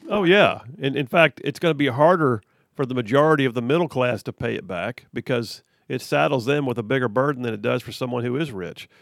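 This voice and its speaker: A man's voice: medium pitch, a little fast, gravelly, no echo. A man hosting a talk radio show, arguing emphatically with rhetorical questions and frequent restarts into a studio microphone. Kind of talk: opinionated talk radio monologue.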